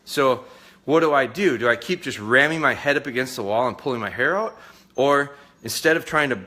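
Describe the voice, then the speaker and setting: A man with a brisk, sharp, mid-range voice speaks to viewers during a live dog training session. Out of breath and sweating, he rambles in a folksy manner and keeps repeating himself.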